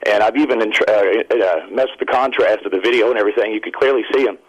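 A man calling in to a radio show, telling a long excited story in a rambling, self-interrupting way. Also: fairly low pitch, quick pace, rough recording. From Indiana. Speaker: caller. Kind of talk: phone-in storytelling.

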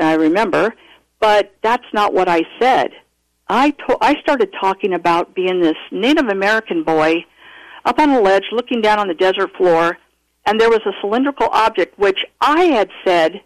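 A man calling in to tell a personal story, earnest and animated, often restarting his sentences. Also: high-pitched, no echo, rough recording. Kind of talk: casual storytelling interview.

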